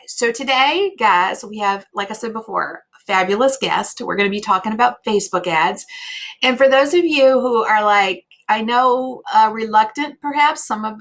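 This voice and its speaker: A woman's voice: on the high side, a bit bright. A woman from the United States hosting a live online show, chatty, with many fillers and restarts. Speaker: host. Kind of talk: live-stream chat.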